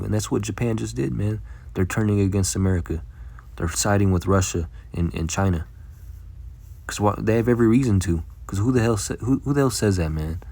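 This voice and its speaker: A man giving a casual, blunt Bible lesson, swearing freely and filling every pause with "all right" and "man". He reads scripture slowly and deliberately. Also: lowish voice, gravelly, a little mellow, no room sound. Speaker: Bible teacher.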